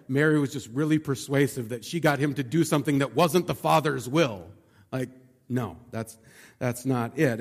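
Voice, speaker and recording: A man preaching a sermon in a loose, conversational way, full of asides and rhetorical questions. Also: on the high side. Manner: conversational, uses many fillers like "like" and "right?". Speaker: pastor. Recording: long hall reverb.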